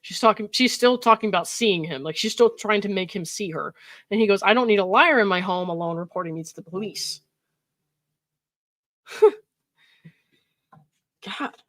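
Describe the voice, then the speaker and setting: A woman's voice: medium pitch, animated, moderate pace, pauses often, fairly bright tone, no echo. Laughing woman reading texts aloud. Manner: laughs often, reads quoted texts with mock emphasis, frequent likes and ums; exasperated, incredulous asides. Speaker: commentary channel host.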